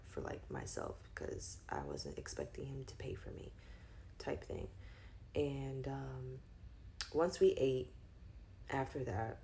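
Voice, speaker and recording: Slow, gravelly-voiced woman telling a story. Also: extremely low pitch, mellow, slight background noise. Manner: rambling, filler-heavy, with heated outbursts. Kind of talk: casual storytelling.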